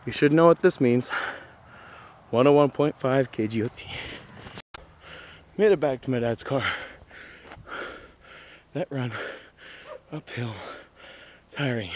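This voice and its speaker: A fairly high-voiced young man from Alaska records a casual travel vlog on his phone at a roadside lookout, full of awed exclamations. The audio is muffled, and loud passing traffic runs underneath. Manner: chatty, awed exclamations while walking. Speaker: vlogger. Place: outdoors at a roadside scenic lookout near traffic. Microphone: phone held by the vlogger.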